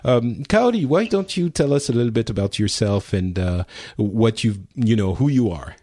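A man's voice: medium pitch, expressive, moderate pace, warm tone, no echo, studio quality. A man from France, hosting a podcast in casual chat with many restarts and fillers. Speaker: podcast host.

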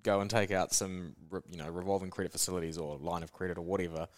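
A New Zealand man chats as a podcast guest, laid-back and rambling, often tagging his lines with "eh". His voice is very deep. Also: fairly even intonation, fast talker. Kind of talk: casual podcast chat.

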